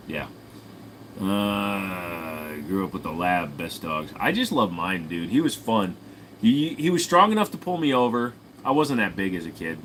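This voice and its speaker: A man's voice: on the low side, a bit bright, slight background noise, poor audio. A sleepy young man streaming, rambling through crude jokes in a casual late-night chat.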